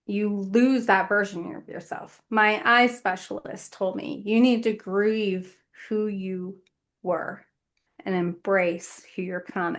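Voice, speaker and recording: A woman, a guest author on a podcast, speaking in an earnest, measured way in short phrases. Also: mid-range voice, a bit bright. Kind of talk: reflective podcast conversation.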